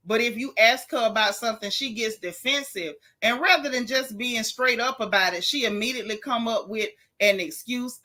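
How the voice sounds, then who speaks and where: Chatty woman streamer with a bright voice. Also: fairly high pitch. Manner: chatty and candid, with Southern slang, reading viewer comments. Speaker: live-stream host recapping a reality show. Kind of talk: casual live-stream chat.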